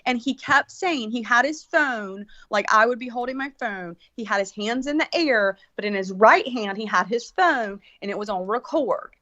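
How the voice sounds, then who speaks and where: A woman's voice: fairly high pitch, expressive, normal speed, few pauses, bright, forceful tone, dry recording, dull audio. A woman telling stories in casual chat, rambling with lots of restarts. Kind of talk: casual storytelling.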